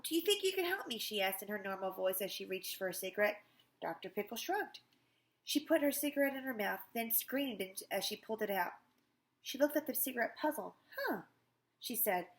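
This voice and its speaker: A woman teacher reading a chapter book aloud to students in a casual, chatty way, often correcting herself. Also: medium pitch. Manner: chatty, with frequent self-corrections.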